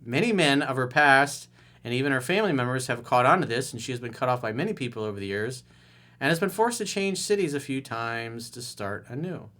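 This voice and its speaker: A man's voice: mid-range voice, lively intonation, brisk, sharp tone. A middle-aged man coaching on relationships, reading out a viewer's email and answering it with blunt, mocking sarcasm. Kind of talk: solo video commentary reading a viewer email.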